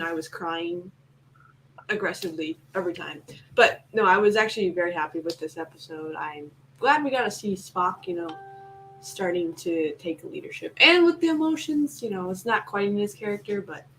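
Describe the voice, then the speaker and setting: A woman on a casual podcast, calmly sharing her thoughtful opinion. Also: fairly low pitch, normal speed, slight background noise, low-quality recording. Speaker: podcast co-host. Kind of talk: casual chat.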